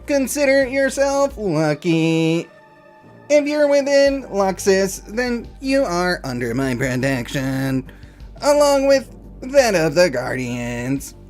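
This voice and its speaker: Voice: mid-range voice, big pitch swings, slow, a little mellow, faint music behind. A streamer reading a stern city guardian. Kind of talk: game dialogue read aloud.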